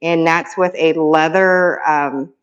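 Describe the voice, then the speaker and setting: A woman showing off her handmade resin keychains in a casual, excitable, rambling vlog, repeating words for emphasis. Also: sits low, slow, dull audio, a little hiss or hum. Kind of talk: casual show-and-tell vlog.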